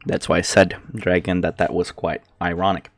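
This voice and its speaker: A man's voice: low-pitched, level tone, normal speed, no echo. A man casually retelling a story as host, rambling with lots of fillers and frequent laughs. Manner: rambling, many fillers like "like" and "you know"; laughs often between lines.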